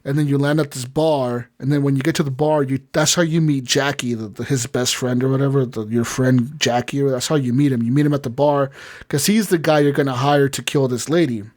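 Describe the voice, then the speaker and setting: A man's voice: medium pitch, steady tone, fairly quick, darkish tone. Man rambling through a game recap. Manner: rambling, profane retelling. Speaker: podcast co-host. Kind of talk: casual podcast chat.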